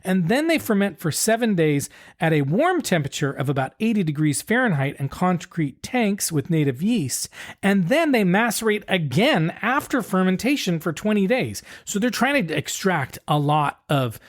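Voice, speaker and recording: A man's voice: high-pitched, very animated, normal speed. A man co-hosting a podcast in casual chat, explaining things in a laid-back, detailed way. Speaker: podcast co-host.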